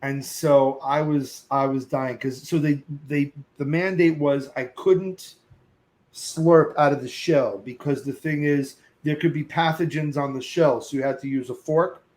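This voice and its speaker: A middle-aged man, a podcast guest, telling a lively anecdote, acting out other voices and cursing casually. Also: a little high, unhurried, poor audio. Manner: lively storyteller who acts out other voices and sings snatches; curses casually. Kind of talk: animated storytelling.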